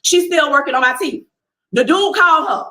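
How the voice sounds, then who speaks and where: Young woman, casual storyteller vlogging to her followers, sharp bright voice, acts out the other people in the story. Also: high voice, moderate pace, reverberant, rough recording. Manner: animated, talks to viewers as y'all, acts out what people said. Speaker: person telling a personal story. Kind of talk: casual first-person storytelling.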